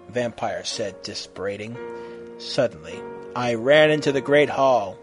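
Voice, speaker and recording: A man reading a story aloud in a mock-serious, expressive way. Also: medium pitch, unhurried, faint music behind. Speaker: reader.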